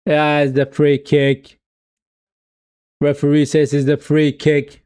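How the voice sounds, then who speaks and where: Excitable Swedish-accented football fan, slow talker. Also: male voice, fairly high pitch, clear, resonant tone, no room sound, clean studio sound. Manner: excitable fan cheering and chanting along; self-mocking, casual asides to viewers. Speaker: watch-along streamer. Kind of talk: live football watch-along commentary.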